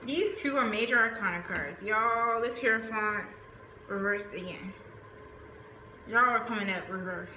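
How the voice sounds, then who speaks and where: Speaking a little slowly in a sharp, medium-pitched voice, this Southern tarot reader gives a chatty, rambling reading laced with fillers. Roomy echo and faint background noise come through.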